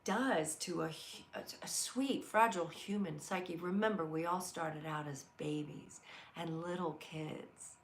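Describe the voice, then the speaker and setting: Middle-aged woman, live inspirational host, low and gravelly, earnest storyteller. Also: a little hiss or hum. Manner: earnest, storytelling, reads viewer comments aloud. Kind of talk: heartfelt live motivational talk.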